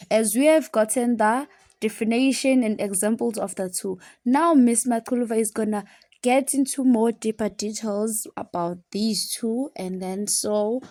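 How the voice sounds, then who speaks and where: Mellow-voiced woman teacher, dry sound. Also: mid-range voice, no echo. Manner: slow, deliberate reading of examples. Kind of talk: classroom lesson explanation.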